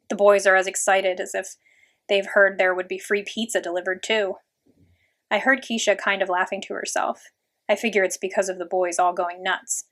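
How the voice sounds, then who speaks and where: A woman reads a children's novel aloud in the first person, steady and plain. Her voice sits mid-range and unhurried. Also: mid-range voice. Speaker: audiobook reader. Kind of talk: first-person storybook narration.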